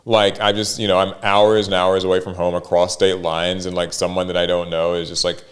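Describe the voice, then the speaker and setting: A man's voice: low-pitched, flat delivery, brisk. A man co-hosting a casual podcast chat, hedging and full of fillers. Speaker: podcast co-host.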